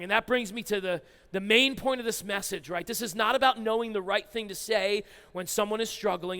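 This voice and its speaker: High-voiced guy preaching, lively, reading verses rapid fire, big echoey church. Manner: animated, quick bursts of reading scripture aloud. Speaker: pastor. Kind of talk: sermon. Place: church hall. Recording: reverberant church hall.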